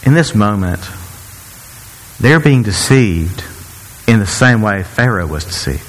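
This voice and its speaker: Animated male pastor preaching in a hall. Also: measured pace, a little hiss or hum. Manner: animated, jumps high to act out quoted cries; sarcastic, joking asides. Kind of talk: sermon.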